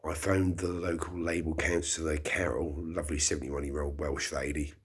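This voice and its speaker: A middle-aged man hosting a solo early-morning podcast from his flat, talking in a slow, rambling, reflective way with sighs. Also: extremely low pitch, slightly rough. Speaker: podcast host. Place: small flat indoors.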